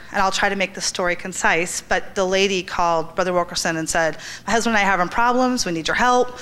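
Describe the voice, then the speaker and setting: A woman's voice: medium pitch, a bit bright, clean tone. A middle-aged woman giving an earnest church talk to women, telling stories and acting out the quotes. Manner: earnest, storytelling, acts out quotes. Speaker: women's ministry speaker.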